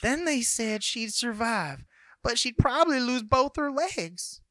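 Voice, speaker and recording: A man voicing a middle-aged mother in a high falsetto with a put-on Southern US accent, speaking slowly. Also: lively intonation, bright, forceful tone, no echo, exaggerated voice. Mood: worried.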